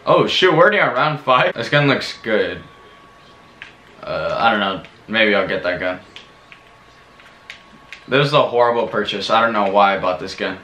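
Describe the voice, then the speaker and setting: A man giving casual gaming commentary, excitable and rambling, yelping and shouting when scared, recorded in a room at home. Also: on the low side, moderate pace, long pauses, roomy sound. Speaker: gaming vlogger.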